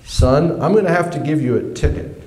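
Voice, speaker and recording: A man's voice: fairly high pitch, a little fast, a little mellow, roomy sound, lightly acted. A man voicing a stern male traffic cop who asks the same question firmly again and again. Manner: firm, repetitive questioning.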